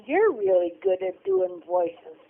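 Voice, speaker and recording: An older woman speaking slowly, with a high voice that swings widely in pitch. She reacts with short exclamations in casual chat, and the recording is thin and tinny, like a phone line. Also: sing-song, creaky. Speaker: podcast co-host, grandmother.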